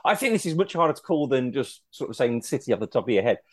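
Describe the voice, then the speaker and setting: Playful panelist, dry sound. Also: male voice, medium pitch, big pitch swings, fast talker, no echo. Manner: playful, gives his opinions at length. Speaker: podcast panelist. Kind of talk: casual football chat.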